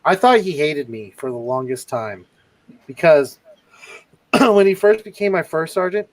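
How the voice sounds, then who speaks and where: A man's voice: fairly high pitch, a little slow, no room sound, poor audio. Profane man telling army stories. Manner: profane, animated anecdote-telling with quoted voices. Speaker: livestream co-host, army veteran. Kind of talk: casual storytelling chat.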